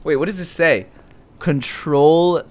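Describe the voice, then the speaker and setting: A young man giving excited live commentary as he streams a game, jumping from mumbling to shouts and laughter. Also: a little high, slow pace.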